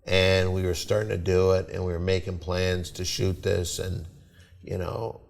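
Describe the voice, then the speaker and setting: Older comedian guest, very low gravelly voice, measured, room reverb. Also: male voice, flat delivery. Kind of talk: casual chat.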